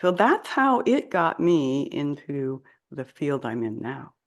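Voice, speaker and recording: A woman's voice: sits low, very animated, takes it slowly. Woman coach recounting her career. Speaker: guest, leadership coach. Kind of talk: conversational interview.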